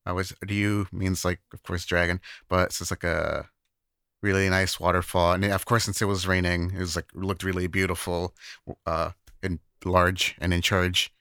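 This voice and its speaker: Man, podcast co-host, rambling casual chat, low pitch, dry close sound. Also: level tone, normal speed, bright, forceful tone, smooth, no echo. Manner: rambling, swears freely, many fillers.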